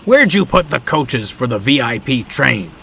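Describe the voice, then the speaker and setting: A man's voice: mid-range voice, big pitch swings, measured pace, pushed and bright, slight background noise, full character voice. A man voicing a good-natured, earnest male diesel engine.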